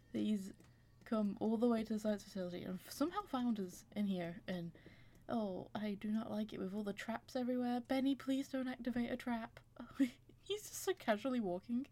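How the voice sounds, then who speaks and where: A woman's voice: fairly high pitch, dark tone. Giggly woman chatting over a game. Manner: chatty, giggly, talks to her characters. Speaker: gaming channel creator. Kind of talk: casual let's-play commentary.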